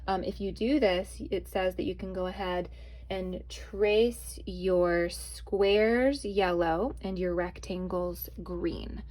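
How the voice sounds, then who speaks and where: Speaking slowly in a low, slightly mellow voice, a young woman gives kids a relaxed math lesson while filming on the phone she holds in one hand. She is chatty and cheerful and addresses the children as "guys."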